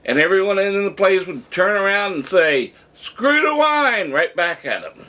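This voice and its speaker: A man's voice: high voice, moderate pace. A man telling a story in a casual monologue, acting out the lines he quotes. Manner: animated retelling, acts out shouted quotes. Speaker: vlogger.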